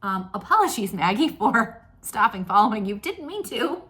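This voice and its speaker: A woman's voice: medium pitch, big pitch swings, normal speed, pushed and bright. A woman in her thirties hosting a casual stitching vlog, chatting in a rambling, self-deprecating way with lots of ums. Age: 30s. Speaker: flosstube host. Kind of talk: casual chat to camera. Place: home craft room.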